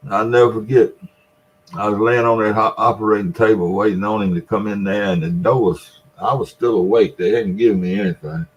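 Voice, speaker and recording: Speaking briskly with a fairly low, fairly even voice, this seventy-something vlogger from the Mississippi Delta spins a long, folksy yarn and chuckles between lines. His Delta Southern accent comes through casually, though the recording's highs are cut off.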